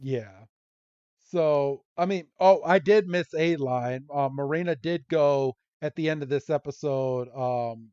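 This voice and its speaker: A podcast host with a higher-pitched voice casually recaps a cartoon episode and drops into quick character quotes as he goes. The sound is dry and close, though the recording is muffled and lo-fi. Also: mellow, smooth, no echo. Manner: retells scenes with quick voiced quotes and laughs. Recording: dull lo-fi recording.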